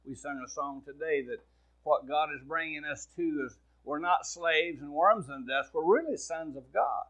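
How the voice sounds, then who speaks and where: A man's voice: fairly high pitch, measured pace, fairly bright tone. Man, Midwestern accent, pastor, sermon, folksy, plain-spoken, dull recording. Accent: American Midwest. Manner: folksy, plain-spoken preaching with asides to the congregation.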